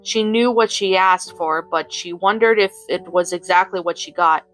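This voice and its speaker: A woman narrating a fan fiction story in an even, unhurried way, with small slips now and then. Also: fairly low pitch, soft background music, rough recording.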